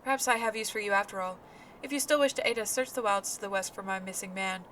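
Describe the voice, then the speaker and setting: A woman's voice: medium pitch, fairly bright tone, slight background noise, lightly acted. Stern guard commander, read out by a woman. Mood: formal. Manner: brisk, formal, plain reading voice.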